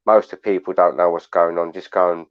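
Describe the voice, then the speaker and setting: A man's voice: low voice, flat delivery, fast, smooth. A man hosting a live panel chat, rambling bluntly and swearing. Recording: dull lo-fi online audio.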